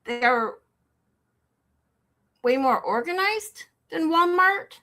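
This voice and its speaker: A woman with a Michigan accent, hosting a livestream and chatting casually with her viewers, animated and rambling, often incredulous. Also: high-pitched, slow pace. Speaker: livestream host. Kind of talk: casual chat with live chat. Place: home in Texas.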